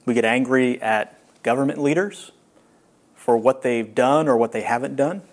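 A man preaching a sermon as a pastor, earnest and reflective, with long pauses. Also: medium pitch.

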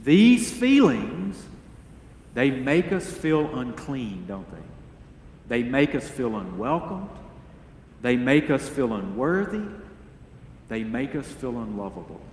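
Man, pastor, sermon, slow earnest delivery, echoey reverberant church hall. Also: medium pitch, very animated, a little mellow, a little hiss or hum. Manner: slow, earnest preaching with rhetorical questions to the congregation. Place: church sanctuary.

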